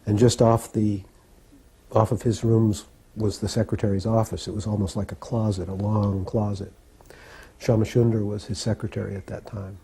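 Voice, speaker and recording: Guy reminiscing slow and thoughtful, really husky breathy voice, low and mellow. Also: level tone. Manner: unhurried, reflective, with occasional fillers. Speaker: devotee recalling memories. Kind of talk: personal anecdote storytelling.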